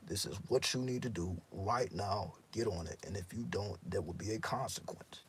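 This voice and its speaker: A man's voice: low-pitched, moderate pace, a little hiss or hum. A man speaking in a casual, intense monologue as a spiritual teacher, profane and repeating himself for emphasis.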